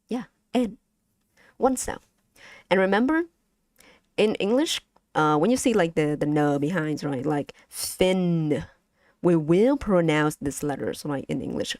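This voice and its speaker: During a pronunciation lesson streamed live, a low-voiced native Vietnamese speaker halts, repeats and restarts words, and giggles frequently at a slow pace. Her tone is somewhat dark, and the sound is close-miked and dry with no echo.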